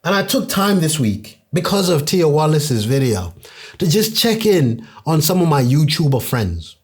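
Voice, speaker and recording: A man's voice: a little high, sing-song, unhurried, breathy edge. A young man hosting a podcast, talking in an earnest, conversational way and acting out what his friends said. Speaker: podcast host. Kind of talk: casual podcast monologue.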